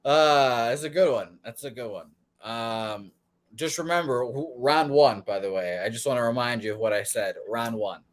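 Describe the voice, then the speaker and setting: A man's voice: mid-range voice, normal speed. Rambling male betting show host. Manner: rambling, swears freely, self-deprecating. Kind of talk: casual sports betting talk.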